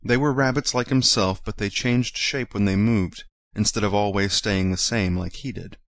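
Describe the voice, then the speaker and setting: Low-voiced man reading a storybook. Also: steady tone, normal speed, no echo. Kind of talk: storybook read-aloud.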